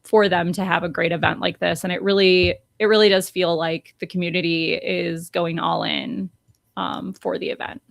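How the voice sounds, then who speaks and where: A woman's voice: fairly low pitch, vocal fry, fairly bright tone, no room sound. A woman co-hosting a casual podcast, chatty and full of ums and restarts. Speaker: podcast co-host.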